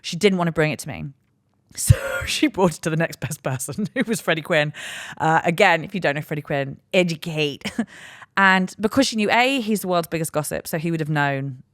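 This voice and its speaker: A woman in her thirties with a British accent, hosting a candid solo podcast and telling a story with lively acted-out quotes and plenty of swearing. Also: deep voice, fairly quick, dry recording, clean studio sound. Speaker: podcast host.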